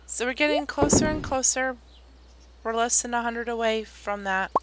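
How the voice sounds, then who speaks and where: A woman's voice: on the high side, moderate pace, heavy background noise. A woman streamer giving casual gameplay commentary, chatty, thinking aloud and correcting herself as she goes. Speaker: game streamer. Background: loud game music.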